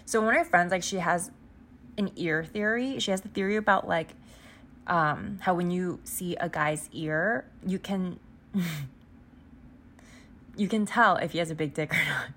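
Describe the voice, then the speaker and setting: A woman's voice: lowish voice, a little slow, long pauses, fairly bright tone, a little hiss or hum. Rambling, sidetracked woman podcaster. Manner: rambling, sidetracked, heavy "like" filler; swears casually. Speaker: podcast host. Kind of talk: casual book recap.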